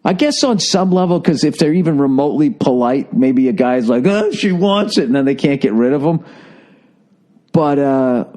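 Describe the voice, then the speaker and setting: A man's voice: mid-range voice, normal speed, warm tone. A middle-aged man ranting profanely in a casual comic monologue, repeating words as he builds up steam. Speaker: podcast host.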